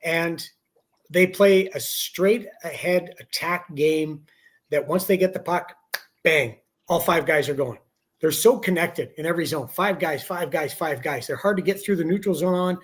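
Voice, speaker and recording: A middle-aged man who is a hockey broadcaster, speaking as a guest on a sports talk show. His voice sits fairly high, and he talks in a steady, analytical way that stays friendly. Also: moderate pace. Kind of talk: casual sports chat.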